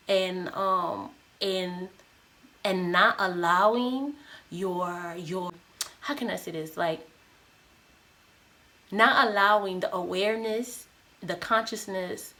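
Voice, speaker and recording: A young woman giving a casual intuitive tarot reading who rambles, repeats words and searches for her phrasing. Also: a bit bright. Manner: acts out an inner voice in a higher, livelier tone. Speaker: tarot reader.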